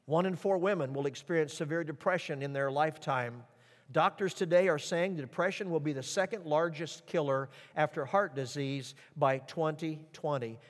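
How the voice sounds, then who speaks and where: A middle-aged man preaching a sermon as pastor, reading scripture aloud in a lively, emphatic way. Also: a little high, normal speed, in a large hall.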